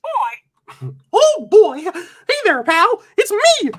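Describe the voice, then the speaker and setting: A man voicing a cheerful cartoon mouse in a giggly falsetto. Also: wildly swooping pitch, drawn-out words, a bit bright, no room sound, clean studio sound, exaggerated voice. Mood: giddy.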